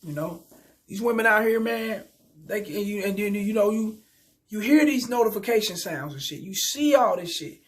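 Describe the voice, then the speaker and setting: A young man rants to his viewers in a high voice. His talk is loose and streetwise, heavy with profanity and full of stumbling restarts. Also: animated, normal speed. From Kansas City, Missouri. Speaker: vlogger. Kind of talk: casual storytelling rant.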